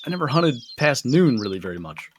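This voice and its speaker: A man's voice: mid-range voice, big pitch swings, brisk. A man chats as a guest on a gaming stream and drops dry, teasing asides. His voice moves up and down a lot. A faint hiss sits behind him. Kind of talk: casual chat while gaming.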